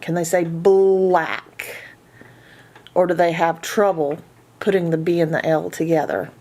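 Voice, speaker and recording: A woman's voice: fairly low pitch, a little mellow. A woman teaching parents to assess their child's reading, going through a checklist of questions and sounding out letters and words. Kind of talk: instructional walkthrough.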